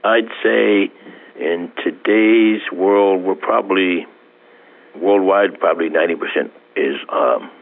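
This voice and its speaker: A man answering interview questions in a measured, halting way, like an industry veteran. His voice is deep and a little husky. It comes through a tinny phone line. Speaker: company executive guest.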